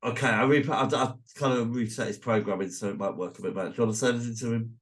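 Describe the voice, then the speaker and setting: A man co-hosting a podcast, chatting casually and arguing his points with animation. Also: very fast. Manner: animated, jumps high when arguing. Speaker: podcast co-host. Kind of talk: casual banter.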